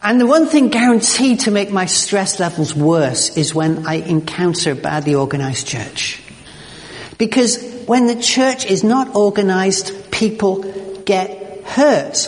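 A pastor delivers a sermon with emphatic, animated energy, tripping over and repeating words as he presses his point. His voice rings out with a long reverb trailing through the church. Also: high voice, unhurried.

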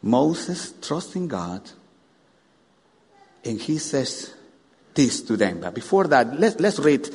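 A man preaching a sermon, animated, firing rhetorical questions at the congregation. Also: mid-range voice, slow pace, long pauses, husky. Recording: long hall reverb.

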